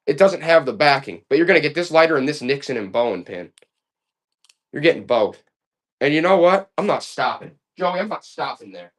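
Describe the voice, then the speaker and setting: Lively, joking live auction seller. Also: mid-range voice. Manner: joking, playful sales banter. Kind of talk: live auction stream patter.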